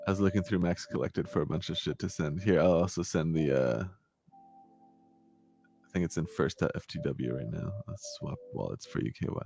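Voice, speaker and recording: A man chatting casually as co-host, relaxed and a little hesitant, often trailing off with "like". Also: rumbling low, normal speed, gravelly, over music. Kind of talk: casual chat.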